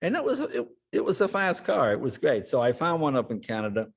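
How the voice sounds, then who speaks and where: An older American man telling stories with a lively, swinging pitch. He jumps into loud, raised voices to act out the people in his tales, then drops back to an easy telling. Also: brisk. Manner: acts out family members in raised, shouting voices. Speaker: guest. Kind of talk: animated storytelling.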